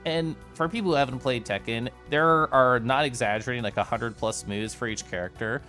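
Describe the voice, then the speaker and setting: A man's voice: mid-range voice, fairly even intonation, a little fast, few pauses, bright, forceful tone, faint music behind. A man chatting casually to his livestream viewers, giggly and bubbly, with lots of asides. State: tipsy from whiskey earlier. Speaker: streamer recapping VR chat meetups.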